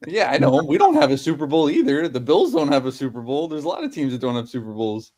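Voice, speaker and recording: A man's voice: mid-range voice, big pitch swings, fast, warm tone. A man chatting casually about football as a co-host, offhand and easygoing. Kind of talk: casual sports chat.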